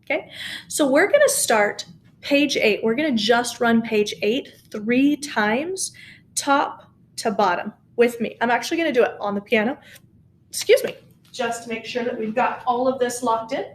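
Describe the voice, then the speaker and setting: A woman's voice: a little high, normal speed, slight background noise. A woman teaching a recorded choir lesson at home by her piano, patient and encouraging as she talks students through the score. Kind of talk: recorded music lesson, speaking and singing along. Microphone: camera mic.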